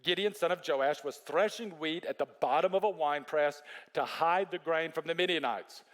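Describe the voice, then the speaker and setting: A man preaching a sermon as a pastor, telling the story in an animated way that climbs high when he stresses a point. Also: normal speed. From Texas.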